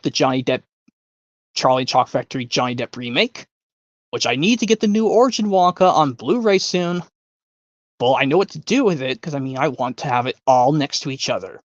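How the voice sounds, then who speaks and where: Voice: mid-range voice, no room sound, lo-fi sound. A streamer hosting a voice-impressions game, chatting casually and rambling, thinking aloud with hums and restarts.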